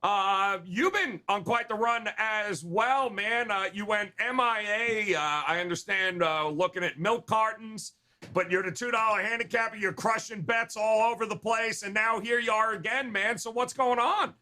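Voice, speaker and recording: A man's voice: high-pitched, normal speed, bright, forceful tone. A man hosting a sports betting show, upbeat and joking, with frequent "uh" fillers. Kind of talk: casual sports betting talk.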